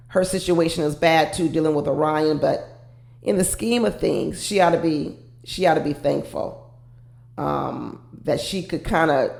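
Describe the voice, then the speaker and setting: Low gravelly woman ranting about a reality show, echoey room. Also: a little mellow. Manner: opinionated, talks straight to viewers. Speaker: reality TV commentator. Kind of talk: casual commentary to camera.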